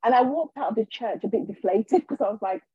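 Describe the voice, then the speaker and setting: A husky woman tells a personal story as a podcast guest. She acts out what people said and trips into restarts along the way. The sound is dry and a little dull. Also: a little high, a little fast, dry recording. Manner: animated, acts out quotes, frequent restarts. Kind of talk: casual storytelling in an interview.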